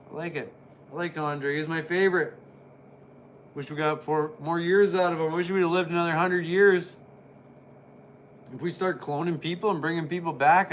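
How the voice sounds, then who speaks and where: Male wrestling reviewer, casual watch-along, rambling jokey delivery, bright slightly high voice. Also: a little hiss or hum. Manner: rambling, joking, excitable.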